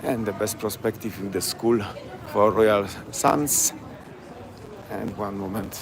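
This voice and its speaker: A crowd and street noise can be heard as a Polish-accented man guides a live-streamed night walk through the city. He talks slowly in a fairly low, fairly even voice, using broken, chatty English and repeating the names of places.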